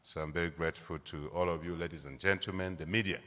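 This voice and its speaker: A man's voice: deep voice, steady tone, quick pace, a bit bright. A middle-aged Zambian man, a government leader, giving a formal public speech and repeating key phrases for emphasis. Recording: long hall reverb.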